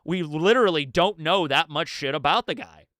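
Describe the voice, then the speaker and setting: A man on a live stream, rambling excitedly through a manga chapter breakdown, laughing often and acting out quotes. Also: fairly high pitch, normal speed, no room sound, studio quality. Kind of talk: casual live-stream commentary.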